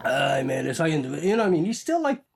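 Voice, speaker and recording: A man's voice: a little high, big pitch swings, fast, vocal fry, a little hiss or hum. A man giving a rambling, sweary commentary as he reviews a movie. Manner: sweary, rambling, puts on silly voices. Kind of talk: casual reaction commentary.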